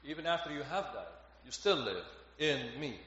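A man's voice: medium pitch, lively intonation, moderate pace, fairly bright tone. A man preaching a sermon, earnest and growing emphatic on key phrases. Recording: echoey hall, dull lo-fi, faint noise.

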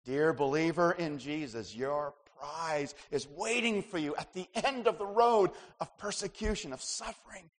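A man preaching a sermon as pastor, swinging between loud emphasis and hushed asides. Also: fairly high pitch, moderate pace, hardly any pauses, in a large hall.

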